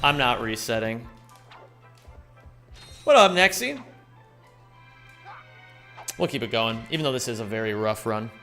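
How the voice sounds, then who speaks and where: A man's voice: medium pitch, expressive, measured pace, pauses often, pushed and bright, soft background music. A man streaming a speedrun, chatting loosely with his viewers, greeting them by name and rambling between thoughts. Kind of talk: live-stream chat while speedrunning.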